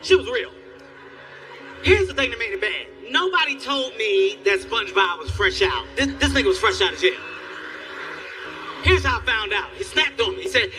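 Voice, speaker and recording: A man doing stand-up comedy on a live stage, telling stories in an animated, profane way. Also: high voice, normal speed, long pauses, soft background music. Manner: animated, loud storytelling with profanity.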